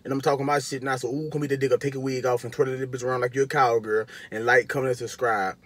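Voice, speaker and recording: A man hosts a music reaction video, reeling off quick, crude and joking commentary. He talks fast, in a mid-range voice, and keeps throwing taunting asides at his viewers. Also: mid-range voice, flat delivery, a bit bright, a little hiss or hum.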